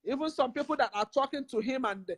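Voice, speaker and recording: This Nigerian woman talks quickly in a high voice, her Nigerian English accent clear as she preaches an emphatic vlog appeal to her community. Repetition of key phrases runs throughout. The recording has no room sound.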